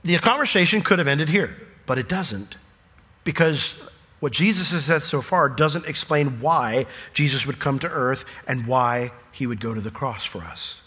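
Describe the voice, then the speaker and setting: A man pastor delivering a sermon, swinging between loud emphatic questions and hushed, slow, near-whispered phrases. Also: mid-range voice, expressive, breathy edge. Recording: long reverb of a large hall.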